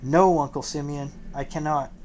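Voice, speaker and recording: A man's voice: a little high, fairly even intonation, moderate pace, darkish tone, a little hiss or hum, lightly acted. A man reading an audiobook, voicing an anguished young man who answers in a bitter, terse, pained way.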